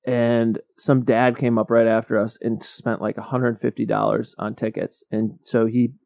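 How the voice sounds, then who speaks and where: A man co-hosting a podcast, chatting casually at a middle pitch. His stories wander and restart as he goes. The sound is close and dry, with no room around it. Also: level tone, moderate pace, creaky, mellow, no echo. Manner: rambling, self-interrupting storyteller. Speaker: podcast co-host. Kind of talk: casual chat.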